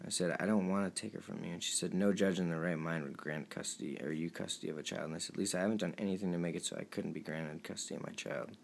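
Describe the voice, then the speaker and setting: A young man with a very deep voice and a gravelly rasp reads his text messages aloud. He sounds emotional and pleading, and his voice drops low and quiet at times. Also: fairly even intonation, quick pace, hardly any pauses. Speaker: vlogger. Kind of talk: reading out text messages to camera.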